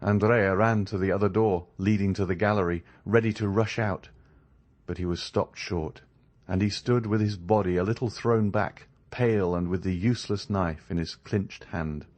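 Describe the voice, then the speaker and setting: A man narrating a classic novel as an audiobook, in an expressive, measured storytelling manner. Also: low voice. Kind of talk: scripted narration.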